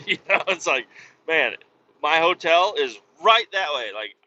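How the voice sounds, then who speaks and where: Profane rambling man, bright voice. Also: on the high side, very animated, a little slow, muffled recording. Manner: profane, complaining, self-mocking. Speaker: podcast host. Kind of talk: casual rambling monologue while driving. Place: vehicle on the road.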